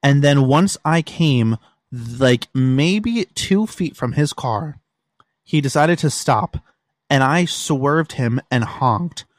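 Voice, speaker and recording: A man's voice: medium pitch, expressive, takes it slowly, no room sound. A young man hosting a casual solo podcast, telling stories in an exasperated way and swearing freely, recorded in a room at home. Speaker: podcast host.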